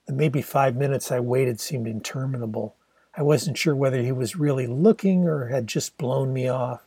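An older man narrating his own autobiographical novel as a steady, reflective audiobook reading. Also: medium pitch, normal speed, breathy edge, no room sound.

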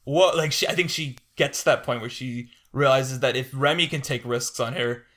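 A man co-hosting a podcast in casual film discussion, animated, quick, laughing often and restarting his sentences. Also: mid-range voice. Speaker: podcast co-host.

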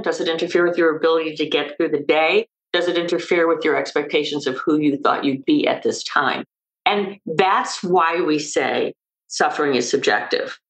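Older woman, podcast guest, fairly low voice, animated, emphatic, explains with stories. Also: poor audio. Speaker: maternal mental health expert guest. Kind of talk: podcast interview.

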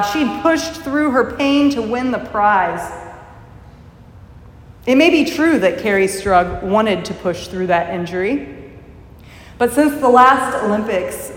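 A woman preacher giving a sermon, telling a story in a measured, reflective way. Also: a little high. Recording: echoey hall with long reverb.

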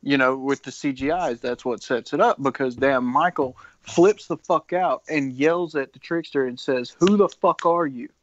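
A man's voice: medium pitch, moderate pace, hardly any pauses. A man co-hosting a laid-back movie podcast, retelling scenes in loose, profane talk. The recording sounds dry with no room echo and slightly muffled. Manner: casual, heavy swearing. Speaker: podcast co-host. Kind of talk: casual film discussion.

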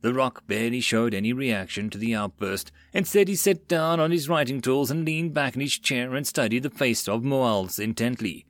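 A man narrating a web novel audiobook in a steady reading voice. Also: mid-range voice, moderate pace, few pauses, no echo.

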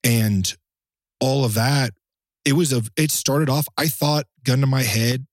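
A man's voice: medium pitch, measured pace, no room sound, studio quality. A man, a knife maker, telling a long story in casual podcast chat, acting out the quotes and swearing now and then.

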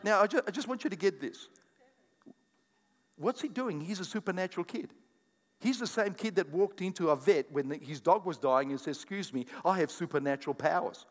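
An older man preaching a sermon as pastor, animated and jokey, often repeating his words. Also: high-pitched, moderate pace. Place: church hall. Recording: echoey church hall sound.

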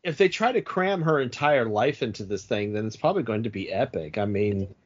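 A man's voice: mid-range voice, expressive, brisk, breathy edge, muffled recording. A man hosting a casual comedic chat about a film, trading jokes and asides. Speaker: podcast host.

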